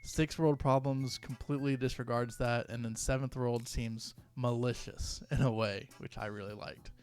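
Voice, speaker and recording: A man's voice: medium pitch, steady tone, moderate pace, a little mellow, smooth. A young man giving comedic commentary as a YouTuber, rambling and stumbling over his words as he reads posts aloud.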